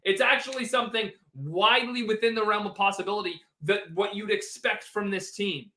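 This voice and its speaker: A man's voice: sits high, brisk, sharp tone. A man hosting a postgame sports livestream, reading viewers' chat and ranting in an exasperated, sarcastic way. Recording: roomy echo.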